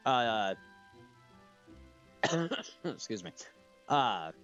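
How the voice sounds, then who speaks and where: A man's voice: medium pitch, very animated, extremely slow, fairly bright tone, dull audio, soft background music. A man hosting a podcast in casual chat, with a slight lisp, laughing often and restarting his sentences. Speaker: podcast host.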